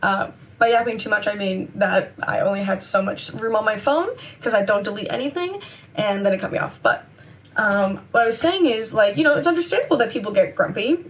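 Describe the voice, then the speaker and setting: A woman's voice: medium pitch, lively intonation, brisk, far from the mic. A woman in her twenties, chatty and upbeat, rambling to camera in a casual vlog, her voice a little worn. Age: 20s. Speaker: vlogger and convention seller.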